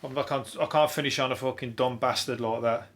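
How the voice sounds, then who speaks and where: A rambling comic from rattles through the day's odd news on his own podcast. He swears freely, trips over his words and chuckles at his own jokes, and his voice sits at an everyday middle pitch. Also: steady tone, fairly quick, a bit bright. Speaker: podcast host. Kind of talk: comedic news review.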